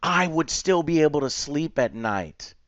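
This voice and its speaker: A man's voice: on the high side, expressive, a little slow, fairly bright tone, dry recording. A man reviewing a show online, ranting passionately and swearing. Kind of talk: heated video commentary.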